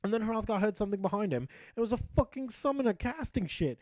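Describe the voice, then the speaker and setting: A man's voice: high-pitched, lively intonation, fast, darkish tone, no room sound. A young man narrating his gameplay as a mock-epic tale, jokey and profane with ranting asides. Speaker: gameplay commentator.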